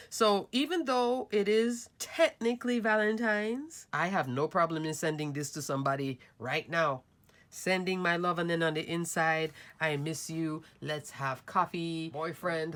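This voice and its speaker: A woman with a low, slightly bright voice hosts a card-making channel. She's chatty and upbeat as she walks viewers through her projects in a casual crafting show-and-tell.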